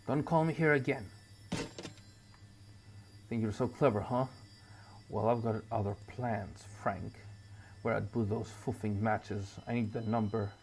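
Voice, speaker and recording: A man reading the lines of a drunk, scheming failed writer from the 1940s, muttering low, with a faint hiss behind. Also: fairly even intonation, a little slow, vocal fry, pauses often. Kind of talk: reading game dialogue aloud.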